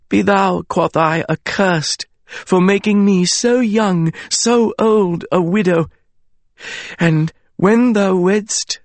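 A man's voice: sits high, gravelly, dry recording, pitched above the performer's own voice. A frail, sickly young actress, put on by a male narrator, declaiming tragic verse far above his own register. Her lines are drawn out and quavering, in a dry, close storybook reading. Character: frail, ill young actress reciting tragedy.

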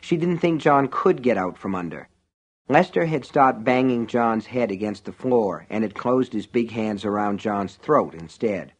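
A man reading an audiobook in measured, vivid narration. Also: fairly low pitch, lively intonation, breathy edge. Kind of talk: scripted narration.

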